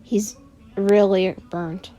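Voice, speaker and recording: A woman voicing an earnest, kind teenage boy hero in a fan story, asking quick, worried questions. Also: mid-range voice, steady tone, mellow, faint music behind.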